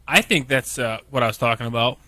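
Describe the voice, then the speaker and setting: Fast, bright Michigan man, co-host. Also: mid-range voice, dry recording. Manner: rambling, halting restarts. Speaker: podcast co-host. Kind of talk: casual chat.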